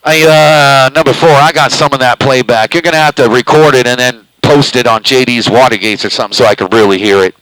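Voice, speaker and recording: This CB operator streams live from his home, his speech a loose, drawling ramble delivered right up against the mic, which he jokes about eating. He has a mid-range, fairly bright voice and talks briskly with hardly any pauses. The audio quality is poor.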